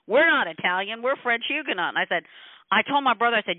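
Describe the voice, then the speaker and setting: A woman scientist talks over a tinny phone line, animated and laughing often as she tells her story. She acts out the other people in it with quick quoted lines. The sound is dry and close, with no room around it. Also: on the high side, no room sound. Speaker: scientist guest. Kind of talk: phone call interview. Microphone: telephone.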